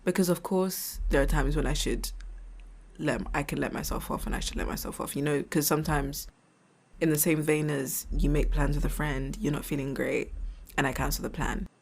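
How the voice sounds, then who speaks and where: A woman's voice: low-pitched, fairly even intonation, normal speed, a little hiss or hum. A woman in her twenties hosting a casual reflective solo podcast. She talks frankly and chattily, swears, and laughs often. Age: 20s. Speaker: podcast host.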